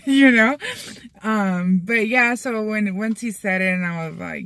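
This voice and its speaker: A woman's voice: mid-range voice, moderate pace, a bit bright, no echo. A young woman chatting casually to camera, full of fillers, slipping in Spanish phrases, from a Mexican-American family. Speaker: vlogger.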